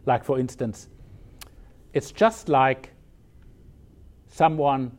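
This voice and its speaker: A man, a Zen teacher giving a conversational dharma talk on a koan, with frequent restarts and fillers. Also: medium pitch.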